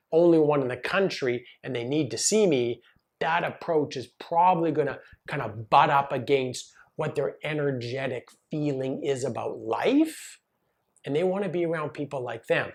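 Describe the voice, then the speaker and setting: Guy coaching massage therapists, casual and lively, talks right at you. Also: on the high side, moderate pace. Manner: casual, animated, talks to the viewer directly. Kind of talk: direct-to-camera teaching video.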